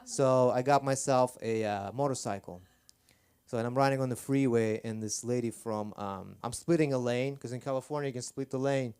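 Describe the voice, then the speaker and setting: A man's voice: mid-range voice, steady tone, normal speed, darkish tone, clean tone. A man performing rambling, self-deprecating stand-up on a comedy club stage. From Armenia.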